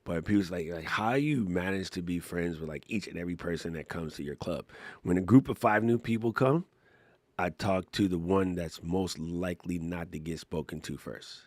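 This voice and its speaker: Animated man from Hawaii telling stories. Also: deep voice, normal speed, dry recording. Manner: animated storytelling, acts out voices in anecdotes. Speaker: podcast co-host. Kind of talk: casual live podcast chat.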